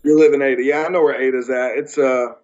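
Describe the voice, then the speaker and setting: A man's voice: medium pitch, fairly even intonation, quick pace, darkish tone, lo-fi sound. A man from Oklahoma with a Southern accent, a guest chatting casually on a podcast in a blunt, swearing, laughing manner. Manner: blunt, swears freely, laughs between points. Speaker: podcast guest, music reviewer.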